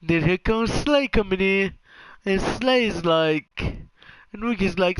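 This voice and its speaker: A man giving casual, jokey commentary over a football video game, acting out the players in quick asides. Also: sits high, fairly bright tone, clear, resonant tone, no room sound, low-quality recording. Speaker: gaming commentator.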